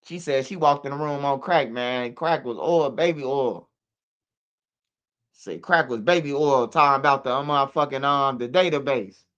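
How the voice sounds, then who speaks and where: Smooth-voiced man. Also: medium pitch, moderate pace, fairly bright tone, dull audio. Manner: profane, rambling, slangy. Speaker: online street-news commentator. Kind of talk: casual rambling commentary.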